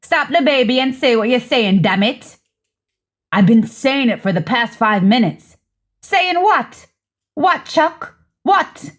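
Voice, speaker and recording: A woman voicing a hurt, sharp-tongued young woman who curses and bites back with sarcasm. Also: a little high, animated, takes it slowly. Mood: bitter. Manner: cursing, biting, sarcastic.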